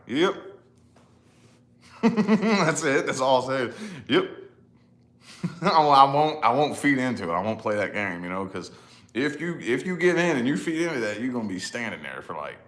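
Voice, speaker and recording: A man in his thirties talks loosely to his camera in a fairly low voice. He rambles from point to point, leans on "you know?", and often laughs at himself. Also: fairly bright tone. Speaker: vlogger, father. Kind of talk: casual rambling chat to camera.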